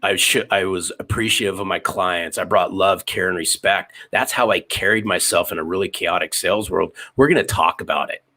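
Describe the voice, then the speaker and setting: A man's voice: low-pitched, brisk, few pauses, sharp tone. A man in his fifties, a sales author and podcaster, telling his story in an interview with emphatic, repeated phrases. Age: 50s.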